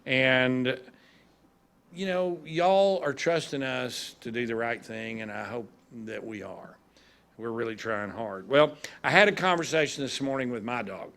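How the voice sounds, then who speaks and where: A man with a drawl and a gravelly edge to his voice, speaking at a graduation ceremony. He tells folksy, humorous stories at a middling pitch, like a judge at ease with a crowd. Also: measured pace, fairly bright tone. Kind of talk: ceremony speech.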